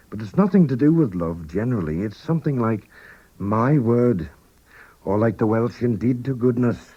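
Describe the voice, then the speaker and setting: Male radio teacher, slow and patient, mellow low voice, dull old studio recording. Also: breathy edge. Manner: slow, patient explaining with repeated example phrases. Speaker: language teacher. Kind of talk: radio language lesson.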